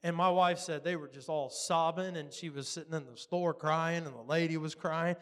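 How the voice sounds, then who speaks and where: A man's voice: a little high, normal speed. A man preaching a sermon, telling stories and acting out dialogue with frequent laughs. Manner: animated, acts out dialogue, laughs often. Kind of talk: sermon storytelling.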